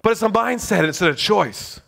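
Preacher, male, very high voice, fired-up sermon delivery. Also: animated, moderate pace, vocal fry, a bit bright. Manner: fervent, exclaiming.

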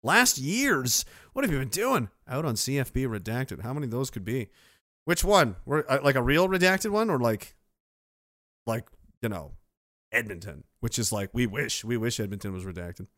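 Sarcastic rambling man, bright voice. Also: medium pitch, big pitch swings, normal speed, no room sound, clean studio sound. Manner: sarcastic, rambling, laughs often. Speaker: livestream host reading viewer donations. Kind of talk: casual rant and chat. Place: indoors.

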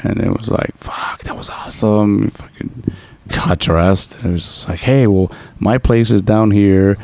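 A man's voice: fairly low pitch, moderate pace, creaky, a little mellow, no room sound. A man casually telling a story with loose, profane phrasing and lots of fillers.

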